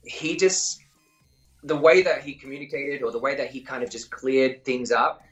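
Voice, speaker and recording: A man's voice: medium pitch, steady tone, normal speed, muffled recording, faint music behind. A man with an Australian accent, an actor talking casually in an interview, rambling and correcting himself with lots of fillers.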